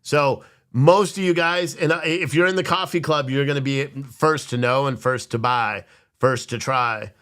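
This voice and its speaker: A man's voice: on the high side, bright, forceful tone. A tired man hosting a casual livestream, reading viewer comments aloud and joking with plenty of swearing. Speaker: livestream host selling coffee. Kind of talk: casual live-chat commentary.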